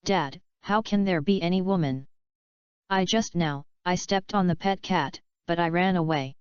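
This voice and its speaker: A woman voicing a boastful, spoiled young man from a rich family who brags and talks smoothly, in a dull lo-fi recording. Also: on the low side, moderate pace, dry recording, close to an everyday voice. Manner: smooth-talking, bragging.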